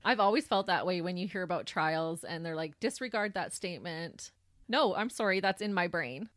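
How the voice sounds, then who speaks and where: A woman co-hosting a true crime podcast, telling the details of a case in a casual conversational way that turns animated when she reacts. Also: fairly low pitch, brisk, dry recording, studio quality. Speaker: podcast co-host.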